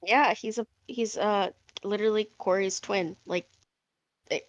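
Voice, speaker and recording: A woman's voice: mid-range voice, fairly even intonation, unhurried, no echo. A woman playing in a tabletop game, chatting casually and hunting for words with lots of fillers. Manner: hesitant, searches for words with fillers. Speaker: player.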